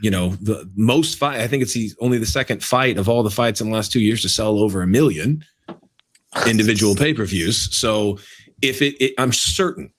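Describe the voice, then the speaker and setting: A man's voice: on the low side, moderate pace. A man co-hosting a casual sports podcast, emphatic and repeating his points for effect. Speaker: podcast co-host.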